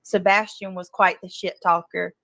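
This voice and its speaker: A woman's voice: fairly low pitch, level tone, moderate pace, gravelly, fairly bright tone, dry recording. A woman in casual chat, giggly and hesitant.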